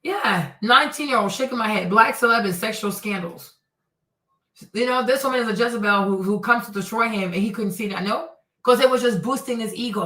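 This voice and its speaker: A bright-voiced woman hosts a celebrity commentary show, animated and exasperated as she roasts her targets and drops in Spanish phrases. Her voice sits a little high. The sound is roomy and heard from a bit away from the mic. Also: fairly quick, far from the mic.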